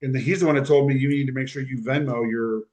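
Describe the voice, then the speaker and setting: A man on a podcast retelling a personal story, halting and repeating himself, close to tears. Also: medium pitch, fairly even intonation, darkish tone. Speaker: podcast guest.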